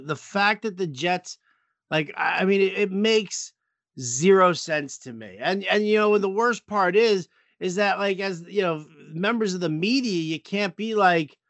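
Casual sports co-host: high, bright voice, dry close sound, profane and exasperated. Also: male voice, no room sound. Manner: swearing, exasperated, many restarts.

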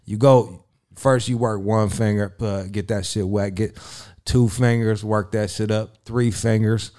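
A man's voice: on the low side, steady tone, measured pace. Crude boastful man telling stories. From Italian heritage. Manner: crude, boastful storytelling with loud bursts. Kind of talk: casual chat.

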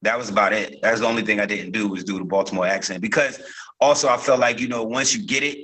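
A man's voice: on the low side, fast talker, fairly bright tone, slightly rough, low-quality recording. A man from Newark, a guest actor, telling stories in a casual interview, loose and rambling with many fillers and restarts. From Newark, New Jersey.

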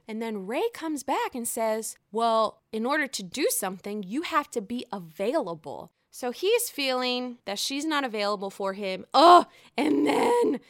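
Young woman ranting through a reality show recap, higher voice, swears a lot, dry close mic. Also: fairly bright tone, no room sound. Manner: heated, profane, emphatic. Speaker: podcast host.

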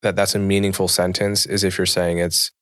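An American man hosting a podcast in casual interview chat, calm and measured. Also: low-pitched, no echo, studio quality. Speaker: podcast host.

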